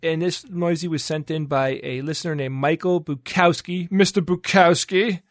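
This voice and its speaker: Guy running a podcast segment, kinda high voice, jokey, laughs a lot, dry close sound. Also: moderate pace, no room sound. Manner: playful, laughs often. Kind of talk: casual panel chat.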